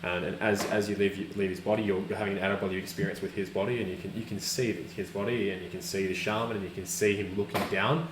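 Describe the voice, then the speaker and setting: A man runs a tabletop game in a low voice, rambling and circling back over his own words. The recording is echoey and has a clear hiss behind it. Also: little pitch movement, fast talker, few pauses. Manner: rambling, with many restarts and fillers. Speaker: game master. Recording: echoey room with background hiss.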